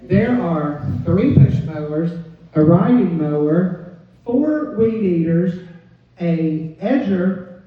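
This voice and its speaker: A woman comedian, telling a stand-up story in an animated way and acting out the quoted voices. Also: lowish voice, slow pace. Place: comedy club stage. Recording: dull, distant, echoey club recording.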